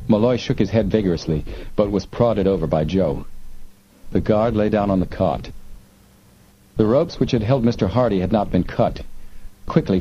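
A man narrating an audiobook in a measured, steady manner. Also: deep voice, lo-fi sound, a little hiss or hum. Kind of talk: scripted narration.

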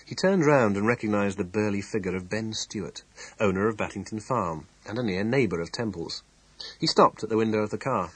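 A man narrating an audiobook in measured, expressive storytelling. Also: on the low side, slightly rough, dry recording, rough recording. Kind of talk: scripted narration.

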